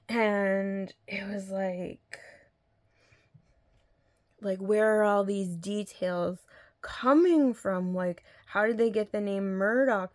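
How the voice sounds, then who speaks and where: A woman in a casual spoken review, talking in an earnest, rambling way with frequent restarts. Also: medium pitch. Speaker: video blogger reviewing an audio drama.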